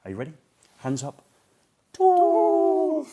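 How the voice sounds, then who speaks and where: A man's voice: mid-range voice, lively intonation, quick pace, dull audio. A man hosting a casual show segment, teasing and joking playfully with a guest. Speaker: show host. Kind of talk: casual trade-show banter.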